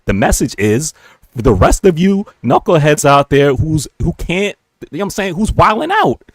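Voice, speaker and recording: Brief: emphatic New man co-hosting a stream, slightly high voice, very lively delivery. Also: moderate pace, no echo. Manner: animated, slangy, emphatic. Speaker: livestream co-host. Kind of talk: casual chat.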